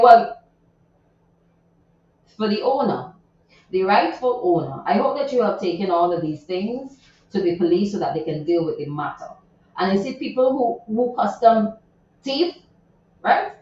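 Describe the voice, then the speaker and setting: A woman radio host talks through a viral story, chatty and indignant, full of asides and repeats. Her voice sits a little high. She is heard from a distance in a very echoey space, with a dull, muffled sound. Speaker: radio morning show host. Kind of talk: casual chat reading social media news. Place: radio studio.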